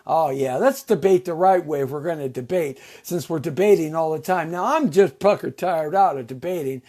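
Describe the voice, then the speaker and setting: A man's voice: a little high, normal speed, hardly any pauses, a little mellow. A man hosting a live radio and TV talk show, talking in a brash, folksy, rambling way full of catchphrases. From United States. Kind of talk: live call-in style talk show monologue.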